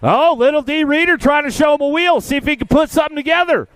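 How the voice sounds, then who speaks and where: A man calling a live BMX race, rattling off rider names and positions in quick bursts and chatting to the riders in a chummy way. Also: very high voice, a bit bright, no echo. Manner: rapid-fire calls of rider names and positions. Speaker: race announcer. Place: outdoor race track.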